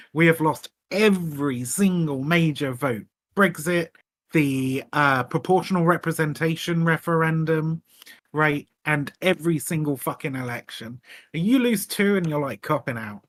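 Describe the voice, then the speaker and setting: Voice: mid-range voice, unhurried. A speaker from the UK talking casually on a panel, chatty and full of fillers. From United Kingdom. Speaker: panel member.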